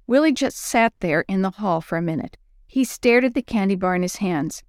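A woman narrating a children's Bible story in a clear, expressive storybook manner. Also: mid-range voice, moderate pace, no echo, studio quality.

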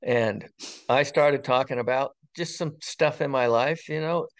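Older man telling a story haltingly. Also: medium pitch. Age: 60s. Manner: halting, with frequent ums and pauses; earnest and wondering. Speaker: interview guest, retired fire captain. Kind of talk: personal storytelling in conversation.

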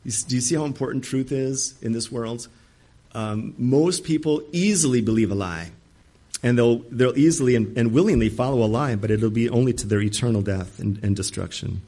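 A man's voice: medium pitch, fairly quick, mellow. A man preaching an emphatic sermon, acting out the voices he quotes. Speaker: pastor.

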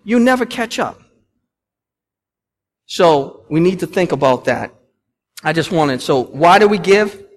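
A man in his thirties preaches in a high, bright-pitched voice, swinging up and down for emphasis and tossing questions out to the congregation. His words ring through a large church with a long reverb tail. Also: measured pace, pauses often. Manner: animated preaching, rising and falling with emphasis, asking the congregation questions. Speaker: pastor. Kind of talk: sermon. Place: church sanctuary.

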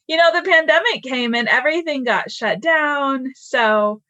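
A woman guest on a podcast, chatting in a relaxed, friendly way. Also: sits high, measured pace, dry recording, highs cut off. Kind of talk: casual interview chat.

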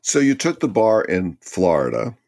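A man's voice: sits low, wildly swooping pitch, normal speed, gravelly, a little mellow. A male interviewer asking short, direct questions.

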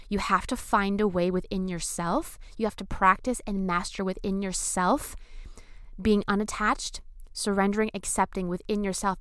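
A woman talking casually and enthusiastically to her viewers about surrender and manifestation, with casual swearing and bursts of excitement. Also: mid-range voice, clean tone, dry recording, studio quality. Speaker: spiritual vlogger. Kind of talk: casual spiritual talk to camera.

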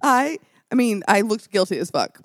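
A woman's voice: mid-range voice, very animated, moderate pace, no echo, studio quality. A woman co-hosting a podcast in loose, profane casual chat, laughing often. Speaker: podcast co-host.

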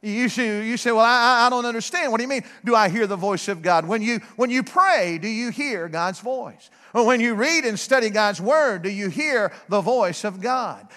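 A middle-aged man preaching a sermon, fervent and repetitive, building to shouts. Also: very high voice. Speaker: guest preacher. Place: church sanctuary. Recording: long hall reverb.

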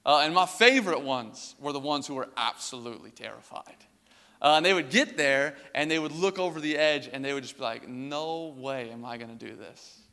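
A young male pastor tells a personal story from the pulpit in a loose, casual way, full of filler words. His voice is bright and sits a little high, and it carries a long reverb through the hall. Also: expressive, brisk.

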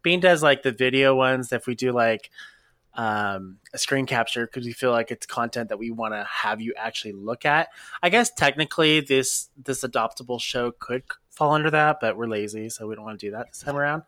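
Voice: mid-range voice, a little fast, fairly bright tone, dry recording, clean studio sound. A podcast co-host chatting casually, rambling with lots of fillers and giggles.

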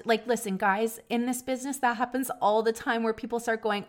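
A woman hosting a talk, telling a personal story in an earnest, emotional way. She swings between hushed, reflective moments and loud, lively bursts. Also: a little high, fairly quick, few pauses. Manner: earnest and emotional, with many restarts. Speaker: podcast host.

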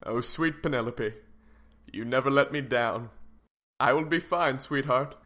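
A man's voice: mid-range voice, a little slow, pushed and bright. A man voicing a pompous, melodramatic rich father in a comedy sketch.

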